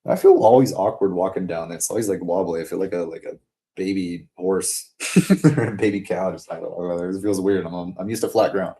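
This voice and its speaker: Low, mellow-voiced man rambling casually. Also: fairly even intonation, fairly quick. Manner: rambling and digressive, profane, with frequent fillers. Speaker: vlogger. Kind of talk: casual storytelling to camera.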